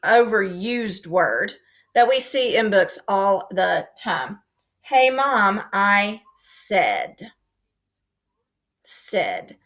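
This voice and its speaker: Slow, bright-voiced teacher talking to kids. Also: female voice, mid-range voice. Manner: slow, clear and expressive, acting out example sentences. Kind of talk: remote lesson for young children.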